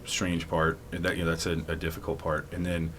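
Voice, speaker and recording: Guest spot: young man, very low voice, loose rambling delivery full of likes and restarts, light hiss behind. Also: monotone, brisk, a bit bright. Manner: rambling, many likes and restarts, laughs often. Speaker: podcast guest, former football player. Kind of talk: casual storytelling interview.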